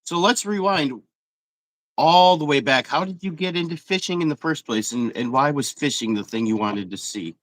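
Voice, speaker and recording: Guy hosting a fishing interview, upbeat, kinda high voice, dry close sound. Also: normal speed, fairly bright tone, no echo. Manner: upbeat, reads stats with fillers. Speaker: interview host.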